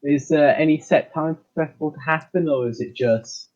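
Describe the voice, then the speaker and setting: Male player, higher, husky voice, dull lo-fi recording. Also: a little fast, darkish tone. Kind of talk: casual chat.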